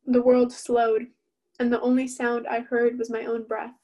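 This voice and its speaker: A woman reading her own novel aloud in the first person, steady and even-toned. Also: a little high, unhurried.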